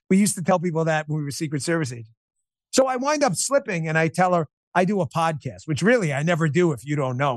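A man guesting on an interview show, telling a personal story in an animated, emphatic way with quick restarts. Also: fairly high pitch, no room sound, studio quality. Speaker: podcast host and interview guest.

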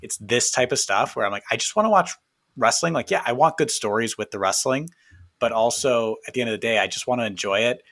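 A man with a Michigan accent gives strong opinions in a casual chat and pokes fun at himself. His voice is bright and forceful at a middle pitch. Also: fast talker. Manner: opinionated, self-mocking. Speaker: podcast co-host.

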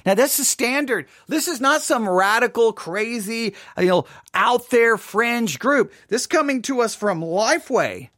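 A man teaches a Bible study with a lively, swinging pitch that leaps up and drops low. He is provocative and sarcastic, challenging his listeners directly. His voice is close and dry, with no room sound. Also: a little slow, few pauses, no echo.

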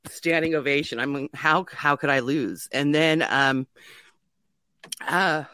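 A woman's voice: deep voice, slow, bright, forceful tone, no echo. A middle-aged woman candidly telling her life story in an interview, self-mocking and laughing often, with many fillers.

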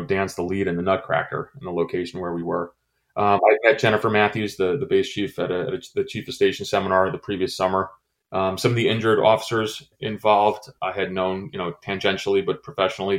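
A middle-aged man from the United States, a former intelligence officer, recounting a personal story in an interview, halting with many fillers and restarts. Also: deep voice. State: choked up.

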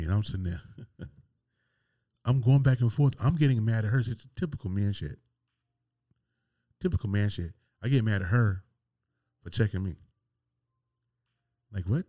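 Man, forties, podcast storyteller, candid and rambling, low voice, dry sound. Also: expressive, moderate pace, pauses often, warm tone, no echo. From North Carolina. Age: 40s. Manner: candid, rambling, with frequent restarts and laughs. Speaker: podcast host. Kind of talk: personal storytelling monologue.

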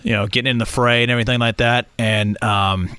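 A sports radio host in casual conversation, a man with a mid-pitched voice. He tells stories with energy and slips into deadpan impressions. The studio sound is dry and close. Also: fairly quick, clean tone, dry recording. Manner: animated storyteller, acts out deadpan quotes.

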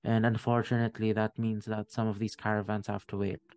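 A man voicing a calm male official in a fantasy game who explains orders in a matter-of-fact way. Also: on the low side, a little fast, close to an everyday voice. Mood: explaining.

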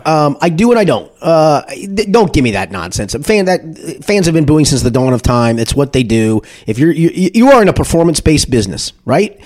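A man talking sports on a podcast, animated and full of restarts, sometimes acting out loud booing. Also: fairly high pitch, normal speed, few pauses. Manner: animated, repetitive restarts, acts out shouted booing. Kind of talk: casual sports talk.

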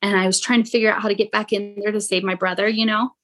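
Woman telling a painful story, halting. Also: medium pitch, flat delivery, a bit bright. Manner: halting, frequent "like" fillers, quotes others in raised voice. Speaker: podcast guest. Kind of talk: emotional personal storytelling.

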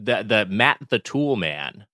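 A man's voice: on the low side, very animated, takes it slowly, sharp tone, dry recording, clean studio sound. A man from Long Beach, California co-hosting a podcast, telling stories in casual chat with quoted voices and emphatic swearing. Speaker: podcast co-host.

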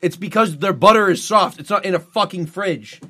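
High-voiced man, blunt and profane. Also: moderate pace, crowd noise. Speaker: podcast co-host. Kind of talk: casual chat.

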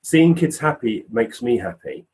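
A man's voice: mid-range voice, measured pace, a little hiss or hum, low-quality recording. A man, a physical medium, telling anecdotes casually as a podcast guest and acting out the voices in his stories. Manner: animated storyteller, acts out quoted voices.

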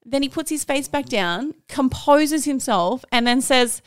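A woman's voice: high voice, measured pace, clear, resonant tone, no echo. Young woman gabbing on a podcast, acts out quotes, super dry close sound. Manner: animated storyteller, acts out quotes, swears. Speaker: podcast co-host. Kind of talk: casual chat.

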